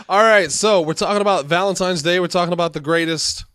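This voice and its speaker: A man's voice: high-pitched, normal speed, a bit bright, clean tone, no echo, clean studio sound. A man hosting a podcast, sick and nasal, chatting casually and laughing through his stories. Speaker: podcast host. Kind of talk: casual chat.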